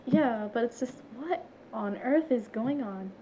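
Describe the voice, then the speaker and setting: A woman in her twenties, guesting on a podcast, chats casually, giggling and animatedly acting out what other people said. Her voice is fairly high and unhurried, captured in a low-quality recording.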